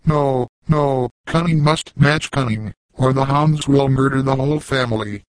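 A man's voice: mid-range voice, measured pace, dry recording, natural voice, rough recording. A man reading the part of a shrewd, cautious old trapper in a storybook, cool and wary.

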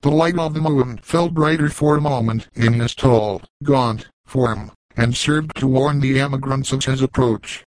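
A man reads an old frontier novel aloud in a steady, formal storytelling voice of middle pitch. The recording is dry and close, with no room echo. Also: measured pace, few pauses. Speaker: narrator. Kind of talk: audiobook narration.

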